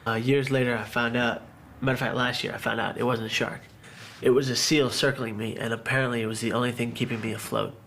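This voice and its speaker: A man giving a personal testimony about surviving a suicide attempt, telling it in a halting, emotional way with many restarts. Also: medium pitch, flat delivery, gravelly, a bit bright, slight background noise. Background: background music.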